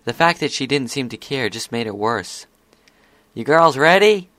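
A man calmly narrating a story chapter as an audiobook reader. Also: mid-range voice, moderate pace, no echo.

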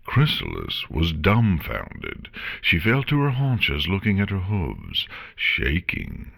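A man narrating a fan story in an expressive storybook reading style. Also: deep voice, takes it slowly, gravelly, no echo, studio quality.

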